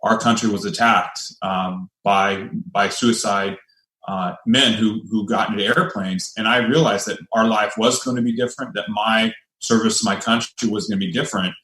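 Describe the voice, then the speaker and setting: A man in his forties from the United States, a guest and army veteran, telling his story in a measured, steady way with some restarts. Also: fairly low pitch. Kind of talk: personal storytelling. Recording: echoey room.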